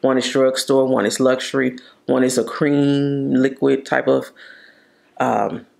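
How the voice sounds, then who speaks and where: A woman's voice: rumbling low, little pitch movement, a little slow, vocal fry, a little mellow. A woman vlogger casually reviewing her favorite makeup products, chatty and gushing, drawing out her words for emphasis. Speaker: beauty vlogger.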